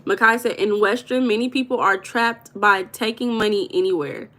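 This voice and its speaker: A woman's voice: medium pitch, normal speed, a bit bright. A woman hosting a live stream, chatting casually and reading viewers' comments aloud with an affectionate manner. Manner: affectionate, calls viewers baby.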